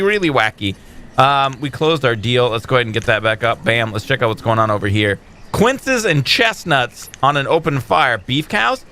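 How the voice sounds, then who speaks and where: A young man casually commentating his own gameplay with animated, exasperated outbursts and frequent fillers. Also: on the high side. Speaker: gaming channel host.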